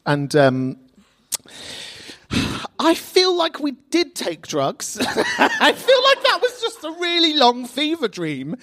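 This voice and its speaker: A woman's voice: high voice, huge pitch swings, takes it slowly, pauses often, fairly bright tone. A woman hosting a live podcast, giggling through casual, incredulous banter. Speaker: podcast host. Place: small theatre, live audience.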